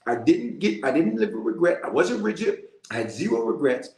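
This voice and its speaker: A male bishop preaching in a lively storytelling way and calling out to his listeners. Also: a little high, a little fast, creaky, roomy sound. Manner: storytelling, animated, calls out to listeners. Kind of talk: sermon-style prayer message.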